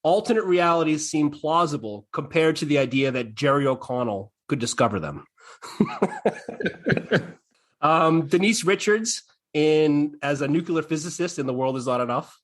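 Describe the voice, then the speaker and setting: A man's voice: on the high side, a little slow. Man chatting animatedly on a podcast. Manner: animated, reads quotes aloud with amusement. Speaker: podcast host. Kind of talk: casual chat.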